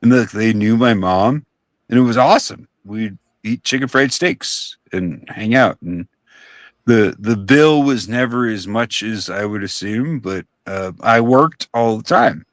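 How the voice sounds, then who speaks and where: Young guy, low and relaxed, rambling storyteller, dry close mic. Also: unhurried, no echo. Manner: laid-back, rambling, swears casually. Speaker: co-host on a live stream. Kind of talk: casual storytelling chat.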